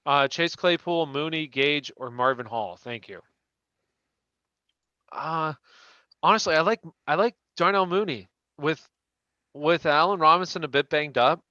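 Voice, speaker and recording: A man's voice: a little high, a little slow, pauses often, pushed and bright, clean tone, no echo, dull audio. A man hosting a live question-and-answer stream, chatting casually and restarting his sentences as he answers viewers. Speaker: fantasy football show host.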